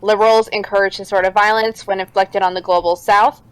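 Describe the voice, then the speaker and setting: A woman co-hosting a political stream, speaking calmly and agreeing in casual chat. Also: mid-range voice, a little fast, smooth, low-quality recording.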